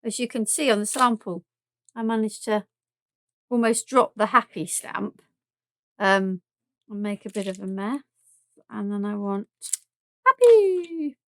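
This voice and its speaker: A woman's voice: mid-range voice, little pitch movement, measured pace, long pauses, a bit bright, no echo. A woman with a southern English accent chatting through a live craft demonstration, thinking aloud and joking at her own mess as she works. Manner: chatty and self-deprecating, thinking aloud while working.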